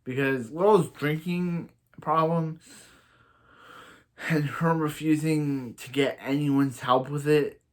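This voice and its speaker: A man's voice: on the high side, steady tone, slow pace. A man casually recapping a TV episode as a reviewer, rambling through restarts and giving blunt opinions. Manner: rambling, stumbling over restarts.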